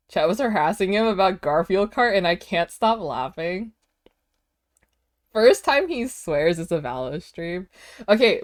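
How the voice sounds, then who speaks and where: Slow, chatty young woman streamer. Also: fairly low pitch. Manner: chatty, lots of "like" fillers, greets chat excitedly. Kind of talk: casual stream chat. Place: home streaming setup.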